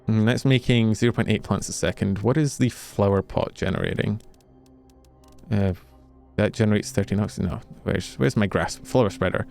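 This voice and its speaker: Young streamer from the UK, self-mocking rambler, low voice, light music underneath. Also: male voice, gravelly. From United Kingdom. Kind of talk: casual chat while gaming.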